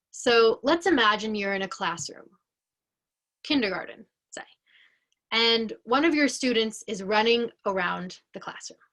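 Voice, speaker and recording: A woman educator giving an explanatory lesson in a slow, deliberate, clearly paced way. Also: medium pitch, fairly bright tone.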